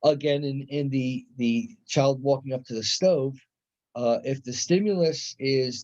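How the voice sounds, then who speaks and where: A man's voice: mid-range voice, measured pace, a little mellow. A middle-aged man giving a conversational college psychology lecture, often restarting his sentences and acting out examples. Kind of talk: classroom lecture. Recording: dull lo-fi lecture recording.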